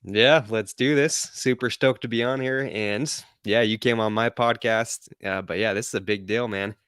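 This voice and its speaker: A man from Utah, answering interview questions in a relaxed, easygoing way and laughing often. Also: fairly low pitch, moderate pace, clear, resonant tone, no room sound, clean studio sound. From Utah, United States. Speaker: podcast host as interview guest. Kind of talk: live-streamed interview.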